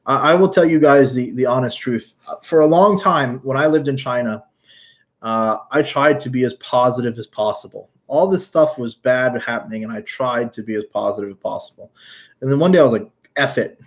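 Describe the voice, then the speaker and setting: A man's voice: medium pitch, brisk. Casual guy, blunt and outspoken, mid-range voice, livestream chat host. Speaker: YouTuber answering live chat.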